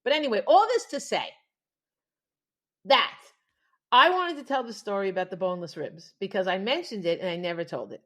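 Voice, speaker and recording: With a mid-range voice, a slightly fast pace and long pauses, this podcast co-host tells stories in a relaxed chat. She laughs a lot and performs quoted voices with animation.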